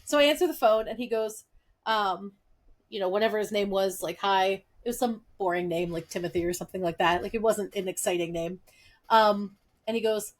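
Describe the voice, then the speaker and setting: Lively young woman telling stories. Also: mid-range voice, fairly quick. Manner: lively, acts out quoted dialogue. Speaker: podcast co-host. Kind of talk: casual chat, animated storytelling.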